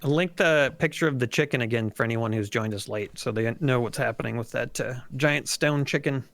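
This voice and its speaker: A man's voice: mid-range voice, fairly quick, vocal fry, fairly bright tone, no echo. A man reads out a rule and chats casually during a tabletop game. The sound is dry and close, with no room around it. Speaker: player.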